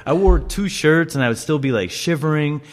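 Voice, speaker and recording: A man's voice: on the high side, lively intonation, a little fast. A man hosting a podcast, telling kitchen stories in casual chat, swearing freely and laughing as he talks. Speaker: podcast host.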